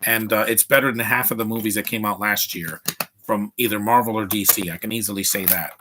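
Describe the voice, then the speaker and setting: A man's voice: fairly low pitch, steady tone, a little fast, background noise. A man hosting a live movie commentary stream, blunt and opinionated, rambling with restarts.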